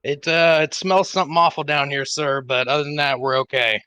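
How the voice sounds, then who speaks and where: A man's voice: fairly high pitch, fairly even intonation, fairly quick, bright, forceful tone, clean tone, dry recording. A man voicing a confused male starship security chief who stammers and hesitates.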